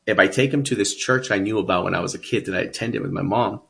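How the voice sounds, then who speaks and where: A man's voice: on the low side, fast, gravelly, a bit bright. A man from Texas telling his life story as a guest, earnest and emphatic. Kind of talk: personal storytelling.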